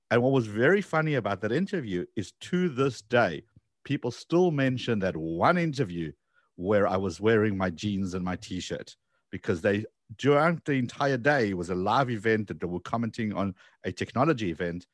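A man with a low voice hosts a conversational interview. The recording is dry and close, with no room sound. He agrees readily with his guest and brings in stories from his own experience. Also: dry recording. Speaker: interview host.

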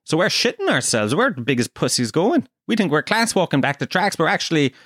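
A man's voice: on the high side, sing-song, a little fast, fairly bright tone, breathy edge, no room sound, clean studio sound. An Irish man from Kerry hosting a podcast, telling a comic story in a profane, self-deprecating way. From Kerry, Ireland. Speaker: podcast host.

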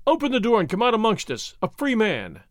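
A man voicing an eager young horseman who calls out loudly and with delight. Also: sits high, huge pitch swings, brisk, no echo, studio quality, pitched above the performer's own voice. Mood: jubilant. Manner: loud, eager calling out. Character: eager young male horseman, loud and jubilant.

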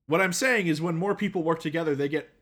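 A man with a somewhat raised pitch talks in a relaxed podcast chat. He explains things, often restarting his sentences. The tone stays easy and conversational. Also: fast. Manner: chatty, explains with many restarts. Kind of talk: casual chat.

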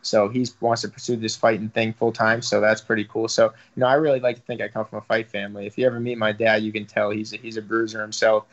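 A man's voice: on the low side, flat delivery, fast, hardly any pauses. A young man, a professional fighter talking casually in an interview, rambling with lots of fillers and some swearing. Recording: slightly dull lo-fi audio.

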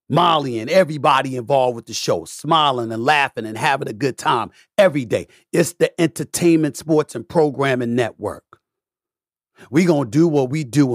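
A middle-aged man holds forth on his own podcast, his voice close and dry. He talks in an emphatic, repeating rhythm like a preacher, dropping to a low mutter and then climbing into loud, cussing outbursts. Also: no echo. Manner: profane, repetitive, preacher-like cadence. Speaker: podcast host. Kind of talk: opinionated monologue.

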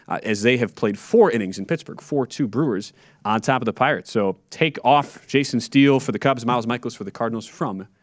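A man's voice: medium pitch, brisk, dry recording, clean studio sound. A man from Wisconsin co-hosting a sports betting show, moving between a read ad and playful chat, laughing easily. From Wisconsin, USA. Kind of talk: casual sports talk and read ad.

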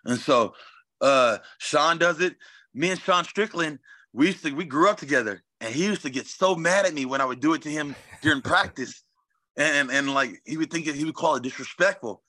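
A brash, swaggering man with a bright, slightly high voice. He talks freely and profanely in a casual interview. The sound is dry and close. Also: fairly quick, dry recording. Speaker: fighter guest.

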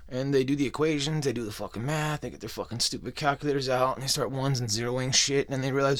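A man's voice: mid-range voice, fairly even intonation, fast talker, few pauses, fairly bright tone. A young man hosting a podcast, delivering a crude, swear-filled conspiracy monologue with mocking jokey asides. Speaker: podcast host.

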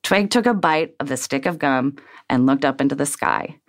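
A woman reading a children's story aloud in a gentle, soothing way. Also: rumbling low, expressive, normal speed.

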